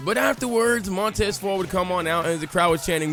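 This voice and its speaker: A lively man with a fairly high voice and a drawl tells the story of his game like a joking storyteller. He acts out crowd chants and other voices as he goes. Faint music plays underneath. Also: a little fast, hardly any pauses. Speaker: gaming YouTuber. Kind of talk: casual let's-play commentary.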